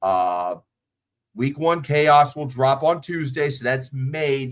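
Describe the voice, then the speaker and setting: A man's voice: medium pitch, slow pace. A man hosting a livestream, chatting casually and swearing freely, recorded on a phone. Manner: profane, off-the-cuff, chatty. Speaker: livestream host.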